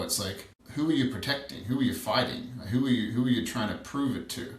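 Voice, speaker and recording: A man's voice: medium pitch, brisk, hardly any pauses. A man in his thirties, a coach and podcast guest, telling personal stories in a reflective way and repeating questions for emphasis. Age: 30s. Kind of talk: candid podcast conversation. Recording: roomy, distant from the mic.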